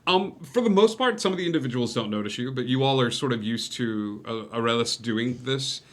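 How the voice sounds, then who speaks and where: Game master, male, bright tone, halting casual narration. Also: mid-range voice, lively intonation. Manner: hesitant, many fillers and laughs.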